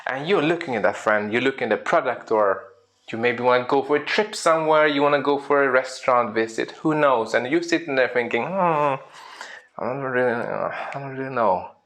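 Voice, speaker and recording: Speaking a little fast at medium pitch, a man who works as a speaker and coach tells stories to an audience. He poses questions to them and energetically acts out small scenes in quoted voices.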